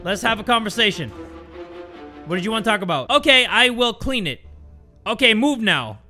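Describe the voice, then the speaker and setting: A bright, high-pitched man commentating on a horror game, with a very lively voice that swings between low mutters and loud yelps. He swears freely and reacts fast to what happens on screen. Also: soft background music. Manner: excitable, swearing, jumping to yelps. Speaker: gaming video host.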